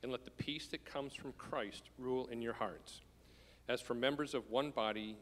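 A man reading scripture aloud in a soft, hushed manner. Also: mid-range voice, normal speed. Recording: reverberant church hall.

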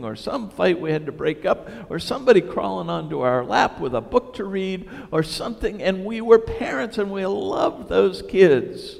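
A middle-aged man preaching a sermon, telling stories in an animated, self-deprecating way. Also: sits high, creaky, long reverb tail. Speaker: pastor.

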